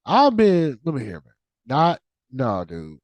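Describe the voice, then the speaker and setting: A man with a medium-pitched voice talks slowly, with no echo, as a podcast host launching into a casual rant. Animated and foul-mouthed, he repeats points, starts over a lot, and drifts off into fillers.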